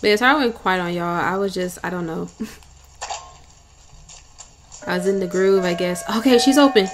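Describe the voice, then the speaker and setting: A woman's voice: lowish voice, normal speed, soft background music. A young woman giving chatty, giggly commentary while playing a game, talking to viewers as y'all. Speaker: let's play gamer.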